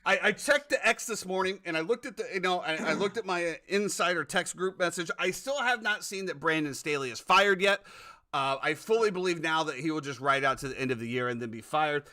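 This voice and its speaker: A man co-hosting a casual sports podcast with a bright, forceful voice pitched a little high. He hammers his points home and keeps repeating himself with indignant emphasis. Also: brisk. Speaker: podcast co-host.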